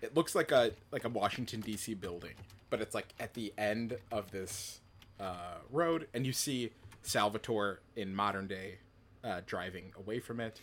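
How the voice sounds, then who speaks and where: A man with a fairly low, slightly bright voice speaks at a normal speed. He's co-hosting a podcast and tells long, rambling stories in casual conversation, full of fillers and restarts.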